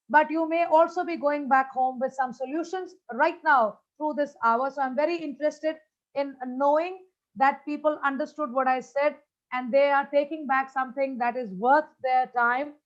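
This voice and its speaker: High-voiced woman giving an upbeat keynote. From India. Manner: energetic, repetitive greetings, many fillers. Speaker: motivational speaker. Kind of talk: conference keynote talk. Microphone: video call. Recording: dull lo-fi video call audio.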